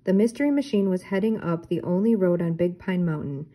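An older woman reads a children's book aloud, gentle and unhurried. Her voice is low-pitched, mellow and dark, with a breathy, husky edge. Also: poor audio. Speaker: teacher reading aloud. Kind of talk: storybook read-aloud.

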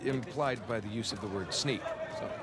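A man's voice: fairly low pitch, normal speed, a loud crowd, lightly acted. An actor playing a wisecracking adult male treasure hunter who talks in a dry, joking way, heard as game audio. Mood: wry. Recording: game audio over loud score.

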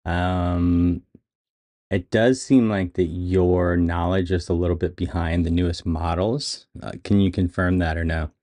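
A man's voice: low-pitched, fairly even intonation, unhurried, mellow. A man making a video, talking casually to an AI assistant with plenty of fillers and restarts. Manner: casual, hesitant, filler-heavy. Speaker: video creator. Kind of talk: casual demo chat.

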